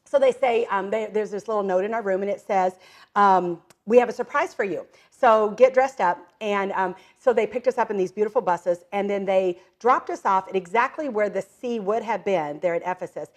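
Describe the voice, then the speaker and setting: A woman's voice: medium pitch, moderate pace. A middle-aged woman talking as an entrepreneur guest in a casual interview, full of "um" and "like", often acting out quoted voices and laughing. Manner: lively storyteller who acts out quoted voices and laughs often; many fillers like "um" and "like". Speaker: guest, direct-selling entrepreneur.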